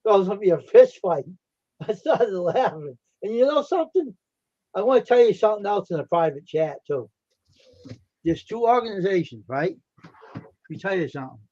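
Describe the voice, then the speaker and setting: High-voiced guy hosting a livestream, laughing while he tells a story, dull muffled audio. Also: fairly quick, long pauses. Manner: animated, acts out quotes, laughs often. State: tired. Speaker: livestream host. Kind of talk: casual storytelling chat.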